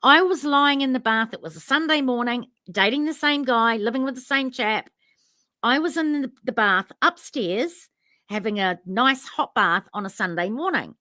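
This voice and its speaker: A woman's voice: on the high side, lively intonation, moderate pace, sharp tone, no echo, studio quality. A woman, co-hosting a casual chat and telling a story, acting out both sides of remembered conversations. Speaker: podcast co-host.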